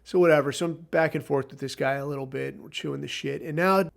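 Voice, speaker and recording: A man's voice: on the high side, fairly even intonation, fast, vocal fry. A man hosting a podcast, telling a rambling story in a casual, profane, sardonic way. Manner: rambling, heavy swearing, sardonic. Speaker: podcast host.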